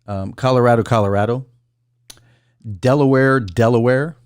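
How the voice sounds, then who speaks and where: A man's voice: mid-range voice, steady tone, moderate pace, smooth, dry recording, clean studio sound. A man hosting a casual call-in livestream, rambling through a list and greeting viewers by name. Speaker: call-in show host.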